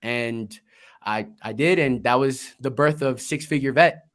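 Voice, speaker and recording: A young man tells his story as an interview guest, blunt and energetic with plenty of swearing. His voice sits in an ordinary middle pitch. He talks casually, with restarts and quick asides. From Colombia, raised in Florida. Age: young adult. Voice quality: energetic, candid, swears freely. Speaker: guest, investor and Marine veteran.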